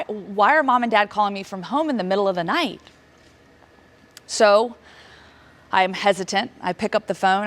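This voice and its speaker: Keynote storyteller: woman in her thirties, from Virginia, emotional delivery with dramatic pauses and voice leaping up in moments of shock. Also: a bit bright. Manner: emotional, dramatic pauses, rising pitch when reliving shock. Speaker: keynote speaker. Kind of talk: personal storytelling talk.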